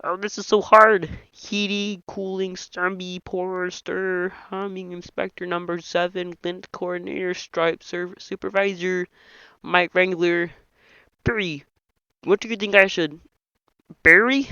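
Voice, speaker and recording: A nasal, bright puppet frog. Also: male voice, high voice, little pitch movement, a little slow, clean tone, dry recording, heavily acted. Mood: froggy reading. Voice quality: nasal, reedy. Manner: reads every character in the same frog voice. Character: famous puppet frog, nasal, excitable male. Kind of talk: comedic impression reading a film script. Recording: dull lo-fi dry home mic.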